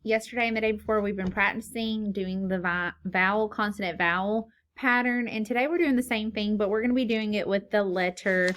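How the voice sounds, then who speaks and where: A patient woman teaching phonics to young children. She asks a question, pauses, then answers it herself, sounding words out slowly letter by letter. Her voice sits at a middle pitch.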